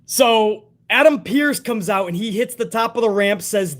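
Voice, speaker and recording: A man with a notably high-pitched voice rants through a wrestling show review. He swears freely and sounds exasperated and sarcastic as he picks the booking apart. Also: expressive, unhurried, hardly any pauses, a bit bright. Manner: profane, exasperated, sarcastic ranting. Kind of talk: casual ranting review.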